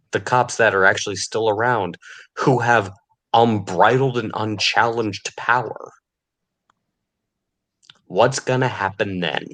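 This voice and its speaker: A man's voice: lowish voice, fairly even intonation, slow, pauses often, fairly bright tone. A man delivering an angry, profane podcast rant, sneering and furious. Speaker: podcast host.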